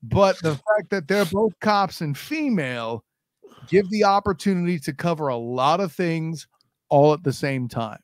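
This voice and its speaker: Podcast host, man, high voice, dry close mic, opinionated and animated. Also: a little slow, no echo. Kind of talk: casual podcast banter.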